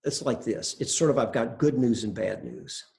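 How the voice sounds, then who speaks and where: An older man with a gravelly, fry-edged voice gives an easygoing dharma talk. He speaks at a middling pitch, drifting through anecdotes with hesitations and gentle self-deprecation. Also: moderate pace. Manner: relaxed, conversational, self-deprecating storytelling with hesitations. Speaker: meditation teacher.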